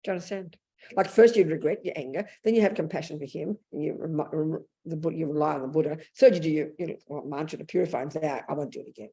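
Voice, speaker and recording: This is a Buddhist nun in her seventies giving a dharma talk, her voice low, mellow and quick. She speaks bluntly and plainly, often restarting sentences and vividly acting out inner thoughts.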